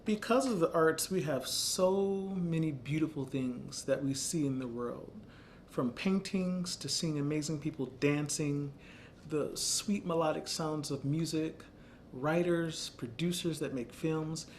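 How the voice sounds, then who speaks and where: A man in his thirties, founder of an arts center, telling a personal story in an earnest, reflective, measured way. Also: a little high, slight background noise.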